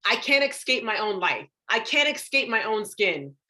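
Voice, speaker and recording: A young adult woman giving a live motivational talk on confidence to an online audience, acting out inner voices with big jumps up in pitch and dropping soft on heavy words. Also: big pitch swings, normal speed. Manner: drops soft and low on emotional words. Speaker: confidence coach.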